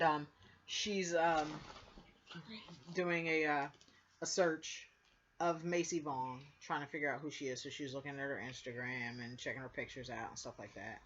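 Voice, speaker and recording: A woman who reviews TV shows recaps an episode casually, rambling with lots of fillers and acting out what the characters said. Her voice sits low with a fairly bright tone, and the recording is dull and lo-fi with slight background noise.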